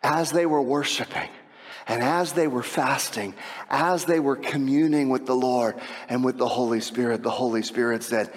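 A man preaching a sermon to a congregation, animated and full of rhetorical questions, coaxing listeners along with "come on" and "right?". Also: medium pitch, moderate pace. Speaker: pastor. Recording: long reverb of a large hall.

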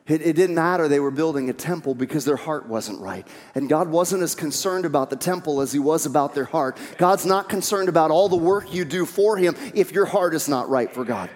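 A male pastor delivers a sermon in a high, ringing voice, hammering his points home by repeating them and coaxing his listeners along. The sound carries a long reverb tail. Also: darkish tone. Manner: emphatic, repeats key phrases; coaxing calls to the congregation. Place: church sanctuary.

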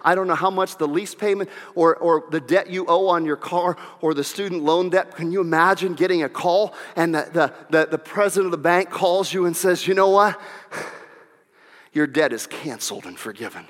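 A man pastor preaching a sermon in a church sanctuary, animated, with shouted peaks and whoops. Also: high-pitched, fairly quick, hardly any pauses. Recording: long reverb of a large hall.

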